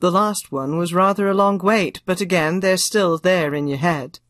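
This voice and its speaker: Older woman with crisp, theatrical phrasing. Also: lowish voice, normal speed, fairly bright tone, dry recording, clean studio sound. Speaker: audiobook narrator. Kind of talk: interview answers.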